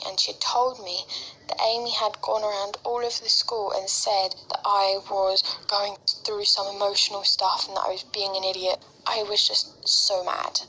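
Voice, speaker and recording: A woman with an English accent telling a story in a chatty way, often slipping into soft whispers. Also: mid-range voice, slight background noise, rough recording. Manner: chatty, heavy use of "like", drops into soft whispers.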